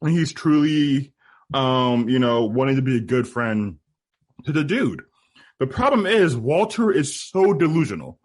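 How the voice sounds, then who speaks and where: Male podcast co-host, husky, highly animated storyteller. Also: measured pace. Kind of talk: casual film review chat.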